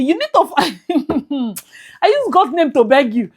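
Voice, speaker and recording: A young woman with a Nigerian accent giving casual commentary, mixing Pidgin into English, laughing often and swinging from loud to whispered. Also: sits high, sing-song, a little slow. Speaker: vlogger.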